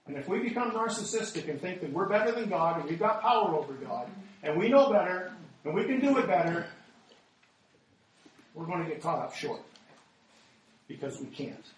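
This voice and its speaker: A man's voice: high voice, very animated, moderate pace, pauses often. A male American pastor delivering a sermon, reading scripture dramatically and asking rhetorical questions. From United States. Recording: very echoey hall, speaker far from mic.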